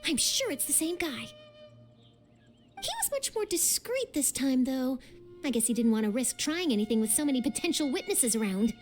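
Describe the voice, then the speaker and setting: Charlotte, a pushy young reporter. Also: female voice, high voice, big pitch swings, normal speed, soft background music. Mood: probing. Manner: probing, teasing, confident. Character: pushy inquisitive young woman journalist. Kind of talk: video game voice acting.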